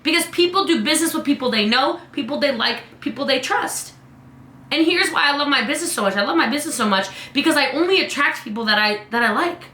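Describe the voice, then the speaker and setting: A woman's voice: high-pitched, animated, fast, sharp tone, echoey room. A woman business coach chatting in a live Q&A, playful and sassy, full of "like" and "okay?". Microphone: webcam.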